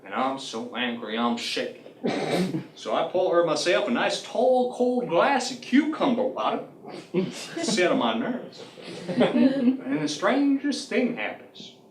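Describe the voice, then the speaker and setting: A man's voice: high-pitched, fairly bright tone, slight background noise, heavily acted. A man playing a fussy, folksy old deli owner who tells his story in a prim, easily offended drawl. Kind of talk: comic sketch monologue. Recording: roomy sound from a distant mic.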